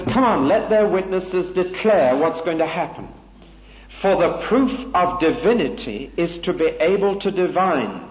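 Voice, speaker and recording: An older man preaching an expository Bible sermon, deliberate and emphatic, slowing down to stress key phrases. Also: mid-range voice, a little hiss or hum. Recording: dull lo-fi recording in a reverberant hall.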